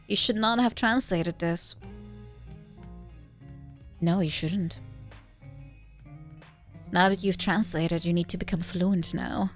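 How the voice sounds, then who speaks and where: A woman from the Netherlands with a Dutch accent, chatting casually as a streamer, giggling often and squealing when excited. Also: lowish voice, slow, pauses often, soft background music. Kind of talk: casual chat.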